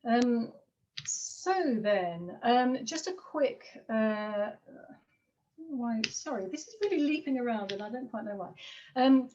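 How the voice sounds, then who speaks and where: A woman giving an online academic seminar, hesitant, with frequent fillers and quick apologies as she juggles her slides. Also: on the high side, expressive, darkish tone, muffled recording, slight background noise. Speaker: linguistics lecturer.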